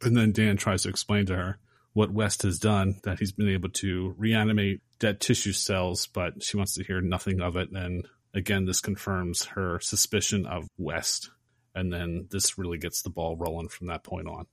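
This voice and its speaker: A man casually recapping a horror film on a podcast, acting out the characters' lines with animated energy. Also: low voice, normal speed, no echo, clean studio sound. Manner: animated storyteller acting out quotes. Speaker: podcast host.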